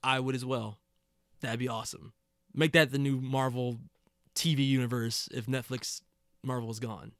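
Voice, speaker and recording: A man's voice: mid-range voice, steady tone, normal speed, fairly bright tone, dry recording, clean studio sound. A man co-hosting a casual TV review podcast, laughing often and acting out scenes in funny voices. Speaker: podcast co-host.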